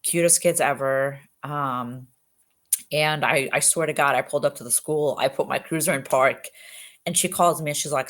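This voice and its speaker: An Egyptian policewoman tells her stories in a candid interview, her voice unusually low yet fairly bright and steady in tone. She speaks earnestly and emphatically, breaking into fast bursts and using plenty of fillers.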